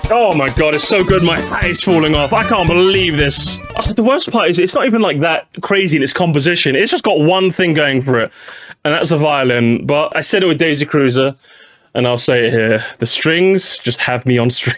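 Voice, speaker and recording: A young man streaming as he ranks video game music, excitable and sarcastic, with frequent swearing. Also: fairly high pitch, normal speed.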